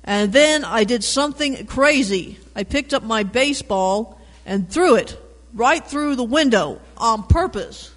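A man with a high voice reads a children's picture book aloud, animated, with chatty asides about the pictures. His voice rings with a long reverb, as in an echoing room. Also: measured pace. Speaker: reader.

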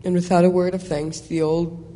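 A man's voice: high voice, little pitch movement, moderate pace, dark tone. A man reading a children's story aloud, taking turns with another reader, with small restarts. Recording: echoey hall, faint noise.

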